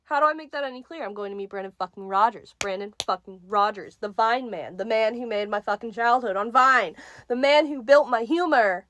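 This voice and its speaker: A young woman telling a casual story-time vlog, excitable and giggly and swearing freely. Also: fairly high pitch, a little fast, a little hiss or hum. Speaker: vlogger.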